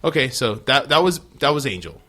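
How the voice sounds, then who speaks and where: A man's voice: mid-range voice, sing-song, brisk, bright, forceful tone. Joking man recapping a show. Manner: joking, crude, recaps episodes with running commentary. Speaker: podcast co-host. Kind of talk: casual chat.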